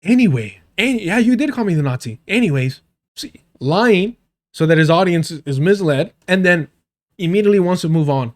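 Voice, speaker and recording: A man's voice: sits high, normal speed. A man hosting a live stream, ranting in profane, mocking commentary while reacting to a debate clip. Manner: profane, mocking, animated rants to chat. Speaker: streamer host reviewing a debate.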